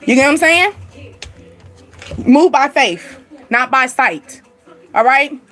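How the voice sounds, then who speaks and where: Sassy, animated woman reading energies. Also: sits high, slow pace. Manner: animated, sassy, laughs often, talks straight to the listener. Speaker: spiritual reading channel host. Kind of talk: casual spiritual reading to viewers.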